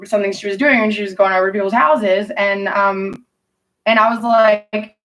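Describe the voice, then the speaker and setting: A woman's voice: mid-range voice, steady tone, normal speed, recorded from a distance. A woman telling rambling, profane stories in casual chat with her stream audience. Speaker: livestreamer talking to chat.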